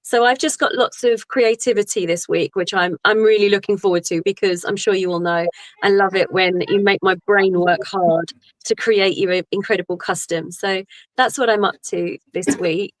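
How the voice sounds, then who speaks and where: A woman's voice: medium pitch, steady tone, normal speed, dry recording, low-quality recording. A woman guest with a mid-range voice chats casually over a video call. She is bubbly and laughs easily. The recording is dry and close. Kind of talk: casual interview chat.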